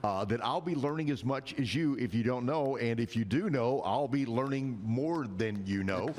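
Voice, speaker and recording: A man's voice: mid-range voice, normal speed, a little mellow. A man with a Texan accent hosting a casual live talk show, folksy and teasing with frequent laughs. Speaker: stand-in host. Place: outdoor backyard bar stage. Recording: long reverb.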